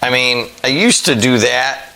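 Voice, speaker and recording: Easygoing bright-voiced radio host. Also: male voice, mid-range voice, a little slow, gravelly, low-quality recording. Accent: Northwest Indiana. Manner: rambling, easygoing, many fillers. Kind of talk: casual call-in chat.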